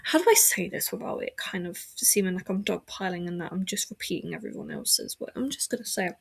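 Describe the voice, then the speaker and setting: A woman's voice: fairly low pitch, a little fast, gravelly, husky. A woman hosting a podcast from a room at home, chatting casually and rambling with lots of filler words and self-corrections. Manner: frequent self-corrections and restarts. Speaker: podcast host. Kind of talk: casual chat.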